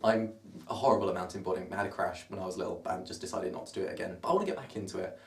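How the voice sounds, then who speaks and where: A low-pitched, rapid-fire vlogger of twenty, with a southern English accent from Surrey, delivers a casual, rambling, self-mocking monologue. He is filmed in a roomy bedroom with the camera set at a distance.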